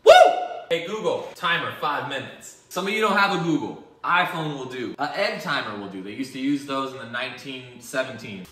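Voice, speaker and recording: A man's voice: medium pitch, lively intonation, brisk, pushed and bright, roomy sound, far from the mic. A man hosting a casual cooking vlog in a home kitchen, joking and self-deprecating as he rambles through the recipe.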